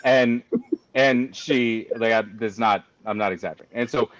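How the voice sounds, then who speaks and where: A man's voice: medium pitch, normal speed, a bit bright, dry recording, lo-fi sound. A man telling a story in a casual chat, ranting with exasperated exaggeration. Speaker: guest cigar company representative.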